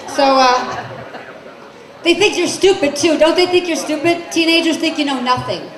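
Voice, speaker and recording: A high-pitched, slightly bright female voice at a moderate pace belongs to a stand-up comic in her forties. On a club stage she's brassy and chatty, questioning the crowd, with laughter and room noise echoing around her.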